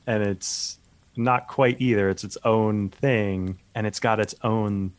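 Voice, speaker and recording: A man's voice: lowish voice, fairly even intonation, slow, clean tone, no echo. A man co-hosting a podcast, chatting casually and easily with some nerdy enthusiasm. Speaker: podcast co-host. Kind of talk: casual chat.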